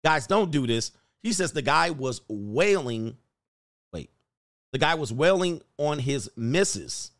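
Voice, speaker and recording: A man's voice: a little high, sing-song, slow pace, dry recording, studio quality. A man hosting a casual livestream, joking and reading news stories aloud in slangy talk. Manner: loud, joking, slangy, reads articles aloud. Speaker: livestream host.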